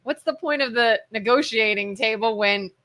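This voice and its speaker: A woman co-hosting a studio talk show, agreeing quickly and adding short remarks. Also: fairly high pitch, pushed and bright. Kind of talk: casual political talk. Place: radio studio.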